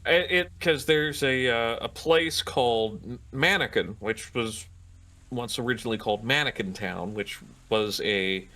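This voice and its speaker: A man's voice: medium pitch, unhurried, pushed and bright. A man with a Midwestern American accent, chatting as a guest on a casual podcast in a rambling, hesitant way. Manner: rambling, hesitant, with many restarts. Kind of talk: casual chat.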